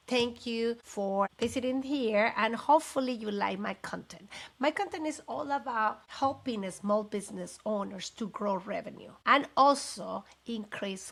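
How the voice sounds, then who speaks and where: Woman host, middle-aged, rambling live chat, gravelly fry in the voice. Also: on the high side, normal speed. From Mexico. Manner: chatty, rambling, animated with asides. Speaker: podcast host and business consultant. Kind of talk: casual live talk to camera.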